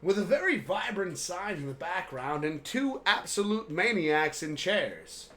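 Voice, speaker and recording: A man putting on the voice of a male movie-trailer announcer, with a dramatic, hushed delivery. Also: sits high, sing-song, measured pace, slight background noise, full character voice.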